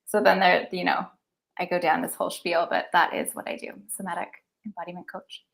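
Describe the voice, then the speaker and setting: A woman's voice: lowish voice, little pitch movement, fairly quick, gravelly, fairly bright tone. A woman who works as a somatic breathwork coach, speaking as a podcast guest and telling her personal story in a chatty, earnest way with many fillers. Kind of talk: candid personal storytelling in an interview.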